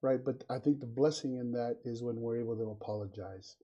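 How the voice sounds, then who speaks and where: A man's voice: mid-range voice, brisk, dark tone. A middle-aged father of four, reflective and affirming, in casual podcast conversation. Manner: affirming, reflective, says "right" often. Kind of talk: casual chat. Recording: dull lo-fi sound.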